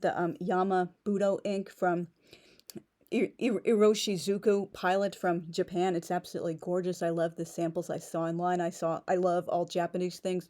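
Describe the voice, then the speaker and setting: Woman vlogger, slightly low voice; chatty, gushing, a bit nervous, lots of fillers. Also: warm tone. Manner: talks fast, a little nervous on camera; gushing, enthusiastic. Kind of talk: casual unboxing vlog.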